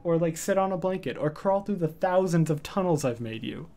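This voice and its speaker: A man streaming from home in casual chat, rambling with lots of fillers and cooing softly at his cat. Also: fairly high pitch, lively intonation, fairly quick, a little hiss or hum.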